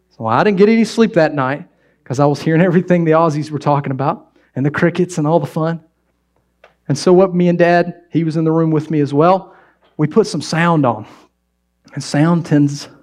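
A man's voice: a little high, a little mellow. A man preaching a sermon in a conversational, humorous way, telling stories and asking the audience questions. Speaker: pastor.

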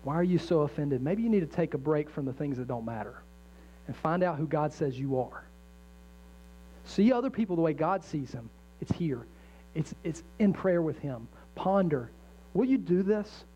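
A man's voice: a little high, lively intonation, normal speed, mellow. A middle-aged man preaching a sermon as a pastor, earnest and conversational, mixing jokes and acted-out inner voices. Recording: dull lo-fi sound with faint mains hum.

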